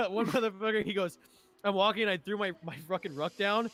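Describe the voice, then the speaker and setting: A young man telling army stories in casual chat, profane and laughing often, acting out shouting sergeants. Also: high-pitched, fairly quick. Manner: animated, acts out sergeants' shouts. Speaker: streamer and army veteran.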